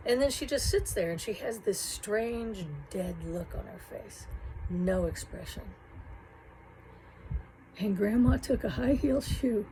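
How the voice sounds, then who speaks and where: Woman telling a rough childhood story, halting, emotional, soft bit of noise. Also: mid-range voice, poor audio. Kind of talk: personal storytelling.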